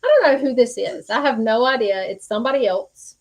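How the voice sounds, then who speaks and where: A woman's voice: on the high side, lively intonation, fairly quick, rough recording. A woman hosting a live-stream psychic reading, earnest and reassuring, speaking folksy with many fillers. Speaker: psychic medium host.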